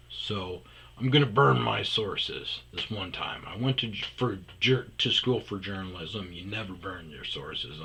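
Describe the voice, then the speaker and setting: A man telling a workplace story in a casual, profane rant, loudly acting out what people said. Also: deep voice, a little hiss or hum. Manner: profane, animated, acts out quotes loudly. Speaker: storyteller host.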